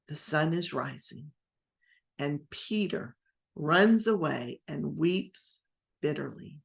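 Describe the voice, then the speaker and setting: A woman pastor teaching a Bible class in a gentle, rambling storytelling manner, sometimes acting out the quotes. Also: low voice, creaky.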